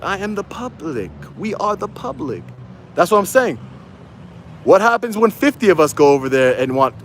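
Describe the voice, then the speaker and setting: A man's voice: medium pitch, a little hiss or hum. A man livestreaming from his phone outdoors, ranting in a heated, repetitive way and rallying his viewers. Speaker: YouTube auditor livestreaming. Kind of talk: angry livestream rant.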